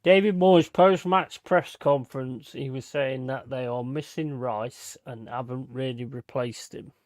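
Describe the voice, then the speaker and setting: A man's voice: medium pitch, steady tone, measured pace, darkish tone, no room sound, studio quality. A man co-hosting a casual football livestream, chatty, swearing freely and laughing often. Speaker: livestream co-host.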